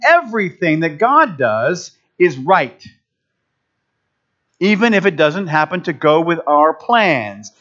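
A man with a higher-pitched voice, speaking a little slowly, gives a humorous, conversational sermon full of self-interruptions and restarted phrases. His delivery is animated, and the recording is dull and lo-fi.

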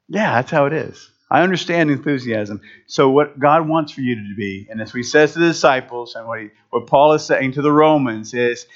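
Male pastor, sermon, animated delivery with wide pitch swings, slightly high voice, dull lo-fi sound. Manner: animated, jumps into high excited voices for quoted people.

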